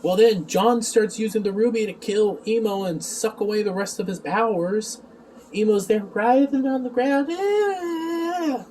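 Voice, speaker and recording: A man's voice: high-pitched, normal speed, darkish tone. A man reviewing a TV episode in a rambling, sarcastic casual recap, recorded on a distant mic with faint background noise.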